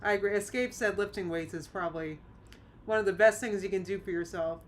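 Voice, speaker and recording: A woman's voice: mid-range voice, brisk, slight background noise. A woman hosting a live react stream, chatting casually, exclaiming and reading out viewer comments. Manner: animated, exclaiming, reads chat aloud.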